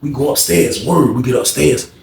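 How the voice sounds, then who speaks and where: A man's voice: normal speed, creaky, echoey room. A man telling a long personal story in casual, profane speech, acting out the voices of the people in it. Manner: animated, profane, acts out quoted voices with big jumps up in pitch. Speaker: storyteller vlogger.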